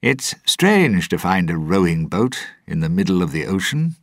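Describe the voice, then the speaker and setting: A man's voice: deep voice, sing-song, normal speed, no room sound, studio quality. A man voicing a stern merchant ship captain who barks orders. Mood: commanding. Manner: commanding, giving orders.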